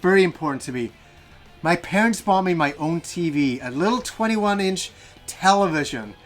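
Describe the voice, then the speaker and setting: High-voiced, excitable gaming host man. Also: moderate pace, faint music behind. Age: 40s. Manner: enthusiastic, rambling with restarts. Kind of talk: nostalgic personal storytelling.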